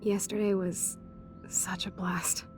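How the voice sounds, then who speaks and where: A woman's voice: medium pitch, level tone, slow, in a whisper, over music, close to an everyday voice. An actress playing a rebellious young woman who talks casually, teasing and swearing, in a video game.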